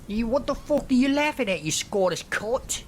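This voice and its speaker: Man putting on a drunk violent stranger, higher strained voice, shouting slurs and threats, horror story reading. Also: expressive, takes it slowly, slight background noise. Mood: menacing abuse. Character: drunk, violent male stranger hurling abuse.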